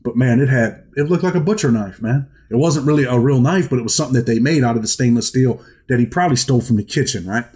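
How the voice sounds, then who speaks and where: A man from New York talks straight to his audience in a loose, slangy storytelling monologue. He drops into the voices of the people he quotes, and his voice sits at an ordinary mid pitch. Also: fast, few pauses. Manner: street slang, animated, acts out quotes. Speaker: host telling his prison stories.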